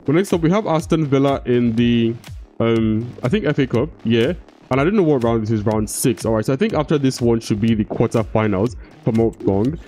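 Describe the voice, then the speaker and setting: A man's voice: mid-range voice, dark tone. A young man giving casual gameplay commentary, often frustrated, swearing and restarting his sentences. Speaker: gaming YouTuber.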